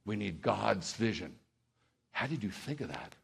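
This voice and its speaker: A man's voice: lowish voice, sing-song, unhurried, vocal fry, noisy background. A middle-aged man preaching as a pastor in a church, heartfelt and rambling at first, then building to fervent exhortation. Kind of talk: sermon.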